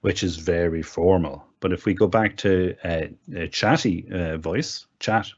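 A fairly low, husky male voice, easygoing and a little self-mocking as he explains each step of a demo. The sound is dull and lo-fi, like a remote call recording. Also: a little slow. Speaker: guest demonstrating software. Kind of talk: casual spoken tech demo.

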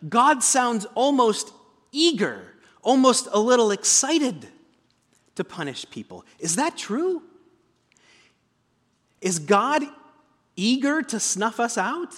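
A man preaching a sermon as pastor, conversational, breaking into booming dramatic quotations. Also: very animated, slow, pauses often, fairly bright tone. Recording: long hall reverb.

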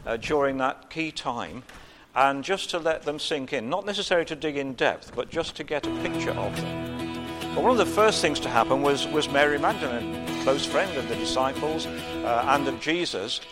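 A man preaching an informal sermon in a conversational way, with frequent pauses and gentle humor. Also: medium pitch, lively intonation, over loud music.

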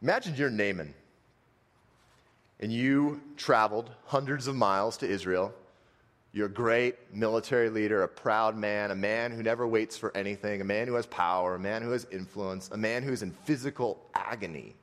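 Low-voiced preacher in a reverberant hall. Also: male voice. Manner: dramatic, swings from fast and loud to slow and hushed. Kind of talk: sermon storytelling.

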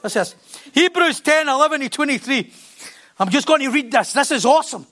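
Passionate high-voiced preacher. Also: male voice, expressive, a little fast. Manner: passionate, swings from quiet asides to loud emphatic bursts. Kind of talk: sermon. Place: church platform.

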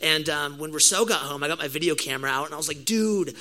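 A young adult man giving a sermon, opening with a casual, animated story full of slang before turning to the message. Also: on the high side, racing, poor audio. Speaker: pastor.

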